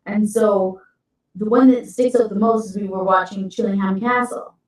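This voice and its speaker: A woman's voice: mid-range voice, fairly even intonation, moderate pace, a little mellow. A woman from Canada, a guest paranormal investigator, talking casually with lots of fillers. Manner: casual, filler-heavy speech. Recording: echoey room, far from mic.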